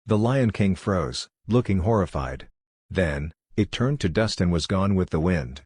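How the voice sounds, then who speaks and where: Deep-voiced male audiobook narrator. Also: lively intonation, unhurried, a little mellow, husky, no echo. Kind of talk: scripted narration.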